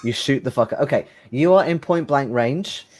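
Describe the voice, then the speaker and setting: A man's voice: medium pitch, moderate pace. A man running a tabletop horror game as game master, narrating in a hesitant way with many fillers.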